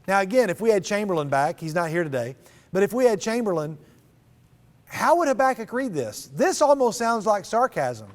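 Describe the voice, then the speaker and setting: A man giving a sermon to students, animated and dramatic when he reads scripture aloud. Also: sits high, moderate pace. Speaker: speaker at a student event. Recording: long reverb of a large hall.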